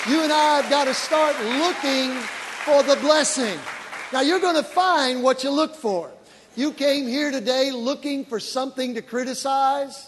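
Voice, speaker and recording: High-voiced pastor preaching in a hall. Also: male voice, a little slow, crowd noise, background noise. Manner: animated storytelling, rising to shouted praise. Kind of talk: sermon. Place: large church auditorium. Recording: long reverb of a large church hall with congregation. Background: faint congregation.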